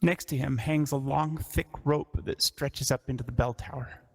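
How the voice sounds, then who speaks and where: A man narrating a tabletop roleplaying game as dungeon master, describing scenes in a measured way. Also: mid-range voice, steady tone, gravelly.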